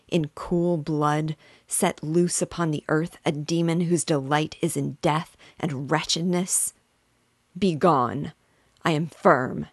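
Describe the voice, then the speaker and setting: A woman voicing a defiant young male scientist who makes firm, forceful declarations. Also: deep voice, no echo, clean studio sound, heavily acted.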